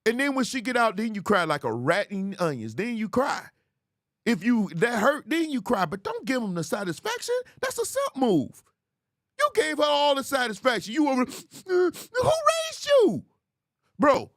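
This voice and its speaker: A man hosting a commentary show on viral clips, animated and mocking, laughing often and jumping into high squeals to ridicule. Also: fairly quick, no echo, clean studio sound. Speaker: host.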